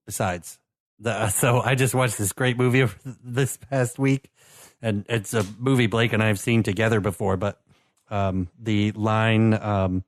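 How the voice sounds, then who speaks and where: A man co-hosting a podcast, talking in a halting, laid-back way with many fillers. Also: fairly low pitch, fairly even intonation, no echo, studio quality. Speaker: podcast co-host. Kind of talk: casual chat over beer tasting.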